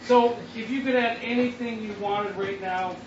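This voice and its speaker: High-voiced man bantering from a distant stage. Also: steady tone, moderate pace. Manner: playful, bantering with listeners. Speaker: preacher. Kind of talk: interactive sermon with audience. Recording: distant, echoey, dull and noisy room recording.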